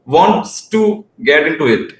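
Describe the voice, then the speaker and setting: A teenage man answering interview questions in halting phrases with frequent restarts. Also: a little high, sing-song, roomy sound, poor audio. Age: teens. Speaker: guest researcher.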